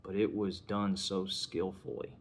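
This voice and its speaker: A man's voice: low-pitched, flat delivery, measured pace. A man giving a casual spoken film review, retelling scenes in a conversational way. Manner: retells scenes conversationally, acting out lines in passing.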